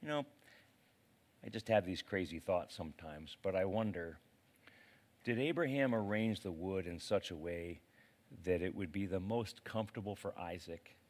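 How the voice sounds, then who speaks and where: A man preaching a sermon as a pastor, in a casual, animated way with slang. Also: low-pitched, normal speed.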